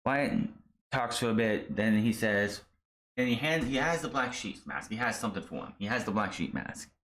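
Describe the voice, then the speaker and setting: Male wrestling reviewer, lowish voice, blunt and exasperated solo rant. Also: lively intonation, normal speed, a bit bright. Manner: blunt, exasperated, rambling with restarts. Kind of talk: casual solo commentary.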